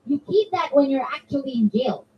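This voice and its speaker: A woman's voice: high voice, lively intonation, moderate pace, a little hiss or hum. A woman giving a conversational religious talk at a children's gathering, chatting with the kids and asking them questions. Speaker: zakira addressing a children's majlis. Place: community center hall. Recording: distant, dull mic with faint room ambience.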